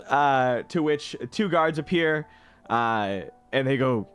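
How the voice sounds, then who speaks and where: Slow-talking lively game master man. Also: medium pitch, clean tone, soft background music. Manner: chuckling, restarts often. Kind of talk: narrating a tabletop game.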